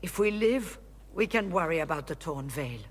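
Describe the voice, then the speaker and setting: A woman voicing a weary, guarded mage leader in a video game, speaking in a measured, formal way. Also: lowish voice, expressive, background noise, close to an everyday voice. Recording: game audio with long reverb.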